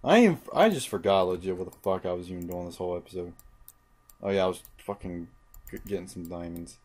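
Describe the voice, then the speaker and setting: A man's voice: low voice, lively intonation, brisk. A young man commentating his own video game playthrough, muttering, frustrated and swearing constantly. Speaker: gaming channel host. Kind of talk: let's play commentary.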